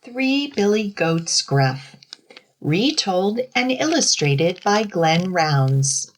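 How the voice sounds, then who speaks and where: Slow, sing-song storytime librarian. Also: female voice, on the low side, big pitch swings, a little hiss or hum. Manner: slow, sing-song reading with rhymes for kids. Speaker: children's librarian. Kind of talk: children's storytime reading. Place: library garden outdoors.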